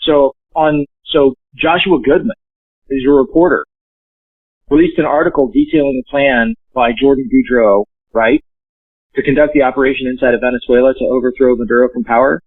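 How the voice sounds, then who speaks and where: A man talking as a podcast guest in casual chat, joking and cursing as he tells stories in a lively way. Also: mid-range voice, a little fast, no echo. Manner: profane, joking, animated storyteller. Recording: tinny dry phone line.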